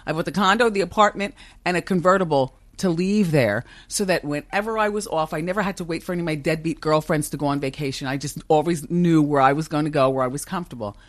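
In a dry podcast studio recording, a middle-aged talk show host speaks as a guest in a casual interview, barely pausing as she talks at a quick pace. Her low-pitched voice is strong and confident, and she laughs a lot.

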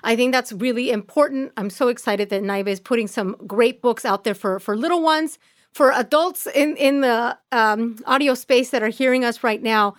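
A woman with a Spanish accent co-hosting a podcast, talking in a lively, casual way and laughing often as she speaks. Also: a little high, moderate pace, no room sound, studio quality. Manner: animated, laughs often, restarts words. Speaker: podcast co-host. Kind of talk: casual chat.

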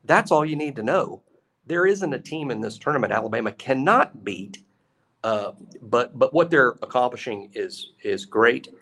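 A man's voice: medium pitch, lively intonation, normal speed, creaky, a bit bright. A man co-hosting a sports talk show, analyzing the team in an earnest, emphatic way and repeating his points. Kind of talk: casual sports radio analysis.

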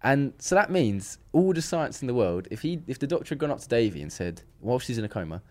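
A man's voice: medium pitch, fast talker. A man, a podcast guest, telling a story in casual chat and acting out the dialogue as he goes. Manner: animated, acts out quoted dialogue, frequent restarts.

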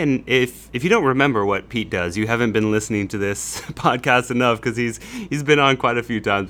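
Male podcast host, low voice, conversational segment intro. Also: a bit bright. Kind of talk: introducing a guest.

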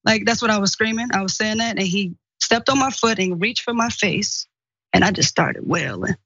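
A woman tells her own story in the first person, urgently and often repeating what others said. Her voice sits at a middle pitch. The audio is dry and slightly muffled. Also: normal speed, a bit bright, no echo. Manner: retells dialogue in quotes, urgent. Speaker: guest recounting an incident.

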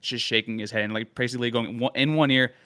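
A young man co-hosting a casual sports talk show, speaking fast and loosely with plenty of filler words. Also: medium pitch, steady tone, sharp tone, clear, resonant tone, no room sound. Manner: fast, casual, lots of "like" and "literally". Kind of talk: casual sports analysis chat.

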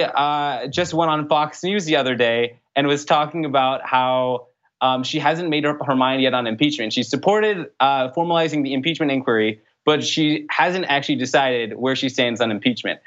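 A young man answering interview questions as a political candidate, in an earnest, brisk way with frequent fillers. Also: mid-range voice, a bit bright. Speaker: congressional candidate. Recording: dull lo-fi sound.

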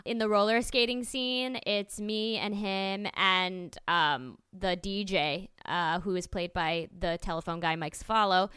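Woman, podcast guest, crystal clear tone, bright, dry close mic, laughs a lot. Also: mid-range voice, steady tone, no echo. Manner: laughing, quick to agree with short replies. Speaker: podcast guest, stage actor. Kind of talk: casual chat.

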